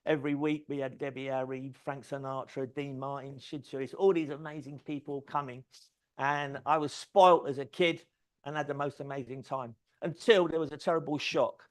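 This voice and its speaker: A middle-aged man giving a keynote talk, telling lively anecdotes, swearing freely and acting out quoted conversations. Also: mid-range voice, normal speed. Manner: animated anecdotal storytelling, swears freely, acts out quoted dialogue. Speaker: conference speaker. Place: event stage.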